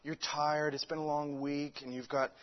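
A man voicing the devil as a male spirit whispering sly accusations in a low murmur, listing faults. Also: flat delivery, normal speed, big-room sound, natural voice. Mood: accusing. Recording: dull lo-fi recording.

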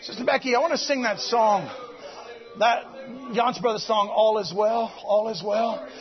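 A man preaching a fervent sermon at a church service, shouting exhortations and calling out to the congregation. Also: high-pitched, steady tone, a little slow, lo-fi sound. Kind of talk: Pentecostal-style sermon.

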